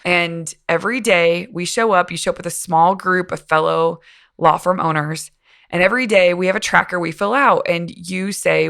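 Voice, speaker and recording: A woman hosts a casual solo podcast from home, her fairly low voice still a little rough from the morning. She talks in an upbeat, encouraging way, like a coach cheering on her listeners. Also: steady tone, normal speed, fairly bright tone. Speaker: podcast host.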